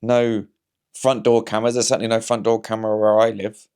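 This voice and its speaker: A comedian and vlog host talks to camera in a casual, rambling monologue, wry and anecdotal, working through hypotheticals and often restarting his sentences. His voice is fairly low, level, brisk, darkish, clear and resonant.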